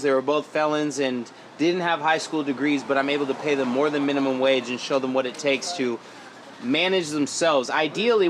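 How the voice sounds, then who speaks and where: Animated slangy man in a noisy bar. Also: fairly high pitch. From Oregon. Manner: animated, slangy, laughs often. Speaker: rapper guest. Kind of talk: casual chat. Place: busy lounge bar.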